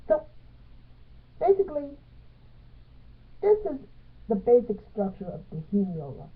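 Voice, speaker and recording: A woman teaching a music theory lesson, speaking in halting phrases and counting beats aloud with stress on the accented ones. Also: fairly high pitch, big pitch swings, husky. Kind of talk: piano music theory tutorial. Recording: tinny phone-like sound.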